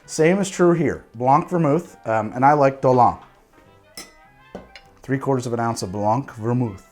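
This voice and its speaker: A man's voice: mid-range voice, a little slow, darkish tone, faint music behind. A man hosting a cocktail show, chatting casually and rambling with restarts and self-deprecating jokes. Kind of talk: casual tasting commentary.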